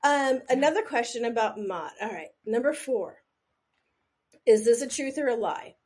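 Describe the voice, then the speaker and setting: A woman co-hosts a casual podcast, running a quiz in a rambling, self-deprecating manner full of jokey asides. Her voice sits on the high side with a darkish tone, expressive at a normal speed, and she sometimes leans back from the microphone.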